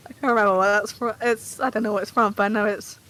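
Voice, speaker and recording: A woman's voice: mid-range voice, steady tone, fast, fairly bright tone. A woman co-hosting a gaming podcast, giggly and playful in casual chat. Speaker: podcast co-host. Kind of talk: casual chat while playing a game.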